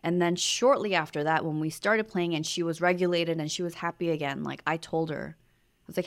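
Low-voiced woman co-hosting a podcast. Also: fairly even intonation, a little fast. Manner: reflective, storytelling, soft-spoken. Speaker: podcast co-host. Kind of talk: casual conversation.

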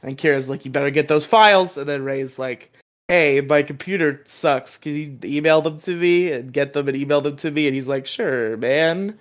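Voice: mid-range voice, brisk. A podcast co-host giving a casual, rambling recap of an episode, laughing often and acting out quoted lines.

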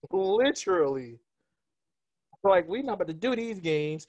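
A man co-hosting a casual podcast, talking in an animated, joking way and laughing often. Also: sits high, a little slow, pauses often, dry recording, highs cut off. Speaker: podcast co-host.

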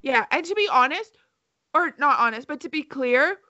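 A young woman with a high, lively voice that swings widely in pitch as she teases her friend. She talks playfully and breaks into laughs. The sound is dry and a bit dull. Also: moderate pace, no echo. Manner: playful, teasing, laughs often. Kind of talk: casual chat.

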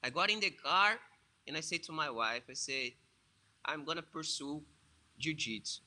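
A man, a jiu-jitsu instructor and English speaker, telling his own story in a halting way, often repeating words. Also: fairly high pitch, expressive, sharp tone. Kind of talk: casual personal storytelling.

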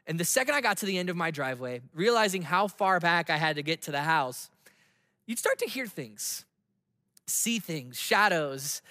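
High bright-voiced man preaching in a reverberant hall. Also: lively intonation, clean studio sound. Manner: conversational storytelling with laughs and quick asides. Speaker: pastor. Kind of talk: sermon.

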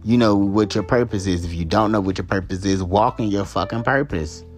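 A man's voice: fairly low pitch, a little fast, faint music behind. A man hosting a solo talk show, ranting in a heated, profane and emphatic way and hammering his points home by repeating them. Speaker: podcast host. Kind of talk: solo commentary rant.

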